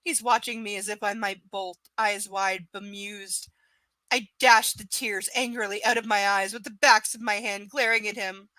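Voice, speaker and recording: A woman's voice: medium pitch, steady tone, normal speed, pushed and bright, no echo. A woman reading a novel aloud live and breaking off into sarcastic, profane rants about it. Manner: sarcastic, profane, exasperated asides. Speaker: live book reader. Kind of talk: live reading with ranting commentary.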